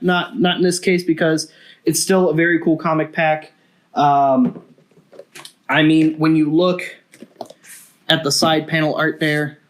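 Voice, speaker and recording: A man's voice: on the high side, fairly bright tone. A man hosting a casual toy review video, chatty and enthusiastic.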